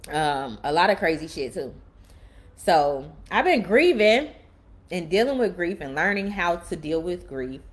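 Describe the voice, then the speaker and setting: Woman on a live stream, cussing, preaching to viewers, kinda low voice. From Chicago, USA. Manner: blunt, profane, preacherly. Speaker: livestream host. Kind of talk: casual livestream talk to viewers.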